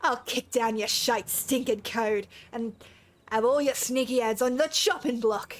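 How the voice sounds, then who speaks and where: A woman voicing a taunting, bloodthirsty pirate villain with a rough put-on pirate accent and drawled threats, reading game dialogue aloud. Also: on the high side, steady tone, measured pace, lightly acted. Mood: menacing.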